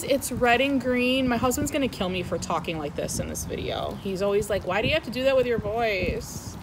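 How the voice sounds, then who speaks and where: Unboxing plants outside in the wind, a young adult woman vlogs excitedly, gushing and squealing with delight as wind noise hits her outdoor mic. Her voice is a little high, and she talks at a normal speed.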